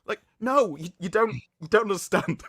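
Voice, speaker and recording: A man talking casually as a podcast guest, retelling scenes in an animated, incredulous way into his own microphone. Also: high-pitched, normal speed, slightly rough, dry recording, clean studio sound.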